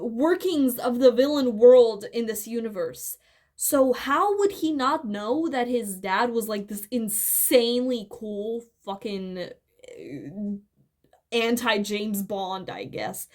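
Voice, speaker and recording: A woman muses aloud in casual commentary, her voice sitting a little high. She speaks slowly and loosely, circling back with fillers and restarts and tossing in the odd blunt swear. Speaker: video essayist.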